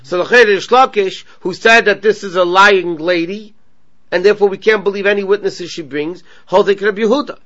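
A man's voice: high-pitched, normal speed, sharp tone. A man teaching a Talmud class, reading the text and translating line by line, restating each point in a synagogue study session. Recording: dull lo-fi recording.

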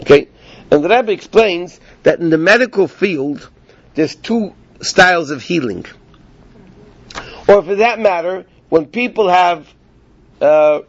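A man's voice: sits high, highs cut off. A man teaching an informal Torah class to a small group in the evening. He explains by asking rhetorical questions and often checks in with his listeners.

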